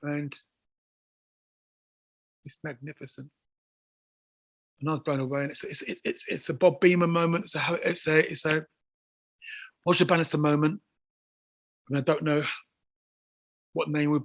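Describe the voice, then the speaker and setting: A man, talking as an interview guest in excitable bursts, repeating words as he builds to near shouts. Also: fairly high pitch, moderate pace, creaky, pauses often, husky. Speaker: guest athlete. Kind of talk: casual interview chat.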